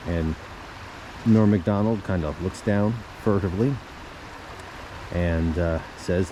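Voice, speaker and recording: Slow, low-voiced deadpan man. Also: noisy background. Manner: rambling, halting, with restarts. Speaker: storyteller. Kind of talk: deadpan comic tall tale.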